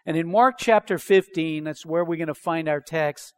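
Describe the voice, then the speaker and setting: A man's voice: a little high, moderate pace, clean tone. A man preaching a sermon as pastor, reading scripture aloud and then explaining it with emphatic questions.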